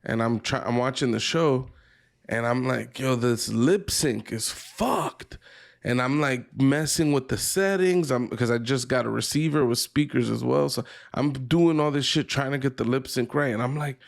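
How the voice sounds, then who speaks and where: Podcast co-host, male, gravelly voice, rambling and profane. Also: mid-range voice, normal speed. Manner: rambling, profane, laughs a lot. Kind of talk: casual chat.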